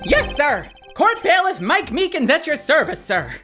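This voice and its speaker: A loud, overeager young court bailiff barks out every line, as a woman puts him on for a game stream. The voice jumps high and swings wildly in pitch, bright and forceful, ending each sentence with a salute of "sir". Soft music plays underneath. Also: sing-song, normal speed. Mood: zealous, dramatic.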